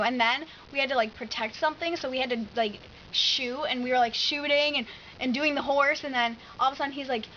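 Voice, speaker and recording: A teenage girl telling a story in a casual vlog, chatty and animated, full of "like.". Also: sits high, fairly quick, dull audio, slight background noise. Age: teens. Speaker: vlogger.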